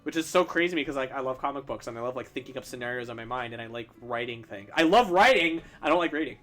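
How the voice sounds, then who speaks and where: Rambling young man, bright voice. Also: mid-range voice, lively intonation, fast talker, faint music behind. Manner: rambling, stumbling restarts, self-deprecating laughs. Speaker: streamer answering chat questions while drawing. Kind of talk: casual chat.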